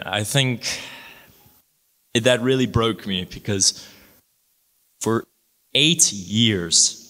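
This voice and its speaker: A young man giving an emotional personal testimony in halting, restarting sentences. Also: lowish voice, pushed and bright. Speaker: testimony speaker. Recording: hall reverb.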